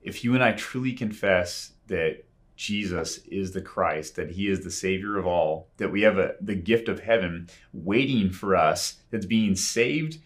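A man preaching a sermon in an earnest, conversational way, pausing often as he speaks. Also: deep voice. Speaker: pastor.

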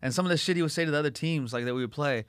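A man's voice: fairly high pitch, fairly bright tone, smooth, no room sound. A man from Los Angeles hosting a casual chat, rambling and swearing as he tells funny stories from his childhood neighborhood. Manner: fast, rambling, swears a lot, acts out voices for laughs.

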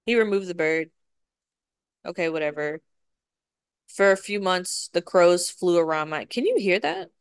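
A woman's voice: lowish voice, lively intonation, moderate pace, pauses often, smooth. A woman hosting a podcast, telling a story in a chatty way, swearing freely and acting out her own quotes. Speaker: podcast host. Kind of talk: casual storytelling monologue.

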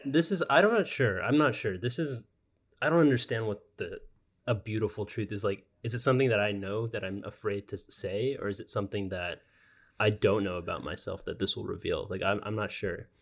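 A man co-hosting a casual podcast, tossing in quick jokes and one-liners. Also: lowish voice. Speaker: podcast co-host.

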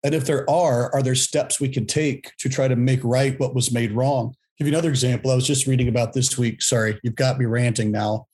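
A man in his fifties, a guest in a panel discussion, thinking aloud in a reflective way with pauses and restarts. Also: mid-range voice, steady tone, darkish tone.

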